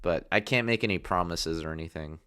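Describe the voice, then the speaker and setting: A man's voice: sits low, brisk, sharp tone, clean tone. A man hosting a gameplay livestream, chatting loosely with viewers, with plenty of fillers. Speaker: livestream host. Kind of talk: casual gameplay livestream commentary.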